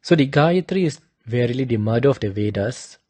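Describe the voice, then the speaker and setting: A man slowly giving a lesson, carefully demonstrating correct pronunciation. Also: mid-range voice, animated, warm tone, no echo. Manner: slow and deliberate, demonstrating pronunciations. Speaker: teacher of Vedic chanting. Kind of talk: instructional talk.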